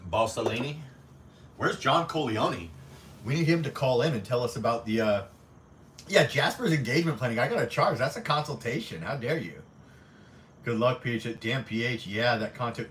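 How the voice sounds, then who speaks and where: A man's voice: medium pitch, expressive, moderate pace, fairly bright tone, far from the mic. Young male streamer, crude and playful, recorded off-mic in an echoey room. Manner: profane, teasing, jokey banter with frequent laughter. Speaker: livestream host. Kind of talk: casual livestream chat reading viewer comments. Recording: roomy echo, off-mic, faint background hum.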